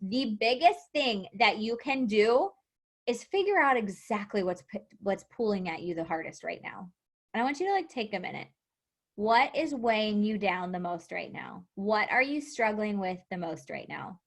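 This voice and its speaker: A young adult woman coaching her team in a motivational live talk, animated, acting out quotes and laughing often. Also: medium pitch, moderate pace. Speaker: fitness coach.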